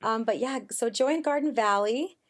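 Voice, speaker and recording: Brief: woman, 40s, lively storyteller, chatty guest on a remote podcast call. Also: fairly high pitch, normal speed. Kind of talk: casual conversational interview.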